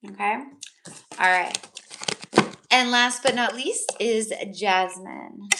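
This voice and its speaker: A woman's voice: mid-range voice, takes it slowly, gravelly, pauses often, heavy background noise. A woman giving live psychic tarot readings, talking in a soothing, affectionate way with lots of fillers. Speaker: tarot reader.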